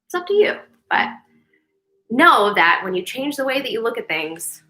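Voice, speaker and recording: A young woman with a bright, forceful voice pitched a little high chats on her live meditation stream. She is upbeat and talkative, and she often restarts her sentences or fills pauses with "like" and "you know.". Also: very animated, rough recording. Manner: chatty and upbeat, with many fillers and restarts. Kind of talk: casual live-stream chat.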